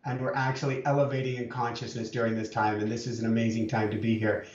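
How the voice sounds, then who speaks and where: A man's voice: mid-range voice, level tone, fast. A man in casual conversation, earnestly explaining ideas in an encouraging, explanatory way. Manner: earnest, explanatory, spiritual pep talk. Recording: muffled, roomy sound from off-mic.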